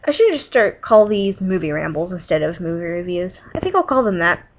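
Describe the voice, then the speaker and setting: A woman's voice: lowish voice, very animated, brisk. A teenage girl vlogging about movies, chatting casually and rambling with lots of "like" and "um" and giggly asides. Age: teens. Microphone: webcam. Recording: dull lo-fi webcam audio.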